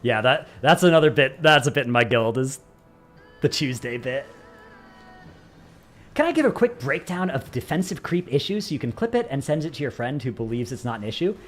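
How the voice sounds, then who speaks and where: A man's voice: mid-range voice, sing-song, a little fast, fairly bright tone, soft background music. Rambling, joking male streamer. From United States. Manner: rambling, self-mocking, joking. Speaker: streamer answering chat. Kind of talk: casual live-stream chat.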